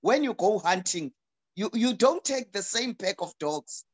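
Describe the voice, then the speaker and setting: A woman's voice: mid-range voice, lively intonation, a little slow, husky. A middle-aged South African woman, a pastor speaking as a talk show guest over a video call, preaching emphatically and often repeating words as she restarts.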